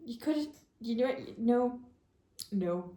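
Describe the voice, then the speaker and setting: A woman's voice: on the high side, expressive, slow pace, warm tone. A young woman chatting to camera about books she is reading. She gushes with feeling and says "like" a lot. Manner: gushing and emotional, often saying "like". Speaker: book vlogger. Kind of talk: casual reading vlog. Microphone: camera mic. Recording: roomy echo.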